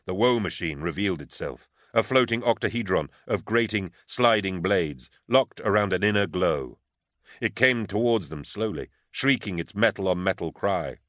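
A man narrating an audiobook in a steady, even storytelling manner, on a close studio mic. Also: low voice, normal speed, no room sound.

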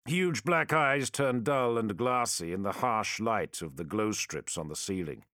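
A man reading a sci-fi war story aloud as audiobook narrator, measured and dramatic. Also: lowish voice, expressive, pushed and bright, dry recording, studio quality.

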